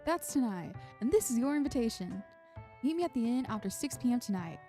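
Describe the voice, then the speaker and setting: A woman's voice: fairly high pitch, animated, a little fast, dark tone, faint music behind, voice pushed up, close to an everyday voice. A woman voicing a friendly young woman's invitation, read aloud from game dialogue with a folksy Southern US accent. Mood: inviting. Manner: folksy, inviting, a bit uneven drawl.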